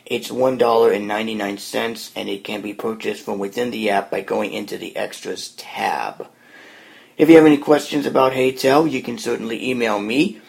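A man hosting a podcast, walking listeners through an app in a relaxed, plain explaining tone. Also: medium pitch, moderate pace, creaky. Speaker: podcast host demoing an app. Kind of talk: casual spoken app walkthrough.

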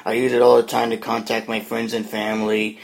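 Gravelly-voiced man demoing an app. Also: medium pitch, a little fast. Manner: relaxed, plain explaining tone. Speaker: podcast host demoing an app. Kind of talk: casual spoken app walkthrough.

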